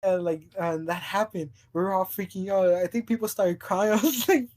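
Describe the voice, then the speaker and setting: A man's voice: high voice, normal speed, over a noisy crowd. A man co-hosting a podcast in casual chat, telling a story in a rambling way, stumbling over restarts and laughing often. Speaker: podcast co-host.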